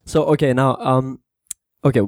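A man teaching English to Spanish speakers in a casual spoken lesson, repeating words slowly to show how they sound. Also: mid-range voice, dry recording, studio quality. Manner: relaxed, repeats words slowly to model pronunciation, mixes in Spanish.

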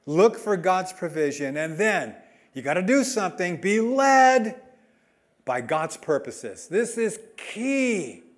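A man preaching a sermon as a pastor, emphatic, swinging between loud and soft delivery. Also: high-pitched, very animated, takes it slowly.

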